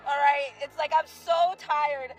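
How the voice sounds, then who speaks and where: A woman's voice: high voice, steady tone, a little slow, soft background music, rough recording. A woman in a furious, swearing social media rant that turns heartbroken.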